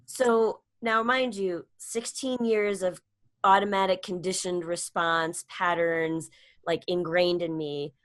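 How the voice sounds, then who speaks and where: A middle-aged woman, a comedian and speaker, telling a personal story in a casual interview, acting out quoted lines with sudden high-voiced jumps. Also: fairly even intonation, takes it slowly, fairly bright tone. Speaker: guest, comedian and public speaker.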